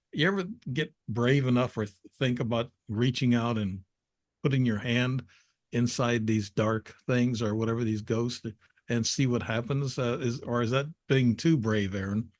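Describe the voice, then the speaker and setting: A man's voice: mid-range voice, normal speed, no room sound, studio quality. A man hosting an interview, asking long, rambling questions with many restarts. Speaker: podcast host.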